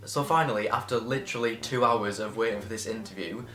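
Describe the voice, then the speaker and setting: A young man from England telling a casual storytime story, chatty and animated, acting out the voices of the people in it. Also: lowish voice, quick pace. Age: young adult. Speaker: vlogger. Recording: echoey room, faint music behind.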